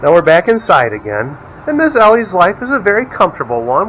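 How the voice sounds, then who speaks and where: A man's voice: high-pitched, huge pitch swings, brisk, fairly bright tone, a little hiss or hum, low-quality recording. A middle-aged man casually chatting at home as he shows off his dog, rambling and breaking into baby talk with her. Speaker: vlogger, dog owner. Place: indoors at home.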